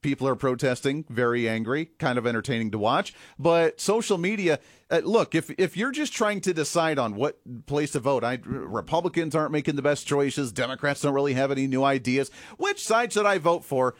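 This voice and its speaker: A man's voice: mid-range voice, lively intonation, a little fast, dry recording, studio quality. A man hosting a political commentary show, talking with sarcastic asides and the odd chuckle. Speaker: host.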